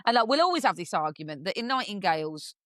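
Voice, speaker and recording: A woman's voice: mid-range voice, quick pace, no echo, clean studio sound. A woman from England in her thirties, a podcast guest telling stories with lots of laughing and acted-out voices. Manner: animated, acts out voices, swears, laughs often. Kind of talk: casual storytelling chat.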